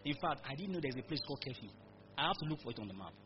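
A man's voice: mid-range voice, sing-song, rapid-fire, slight background noise. A man preaching a sermon in church, calling on the congregation to repeat his words. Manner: emphatic call-and-response preaching. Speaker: pastor. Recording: dull recording with music behind. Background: music.

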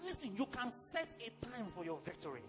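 A man with a Nigerian accent preaching a sermon as pastor, fiery and exclamatory, breaking into sudden shouts. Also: extremely high pitch, very animated, a little fast, muffled recording, music in the background.

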